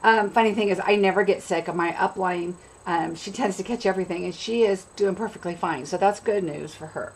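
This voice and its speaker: A woman's voice: mid-range voice, brisk, few pauses, slight background noise, rough recording. A chatty, upbeat woman from California, sick with a cold and coughing now and then, hosting a casual craft live stream and greeting viewers by name. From California, USA.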